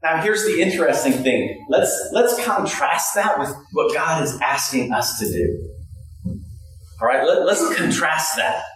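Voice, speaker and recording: Heard from a distance in a very echoey hall, a pastor preaches at a measured pace in a high, lively voice. He breaks into shouts and laughing asides.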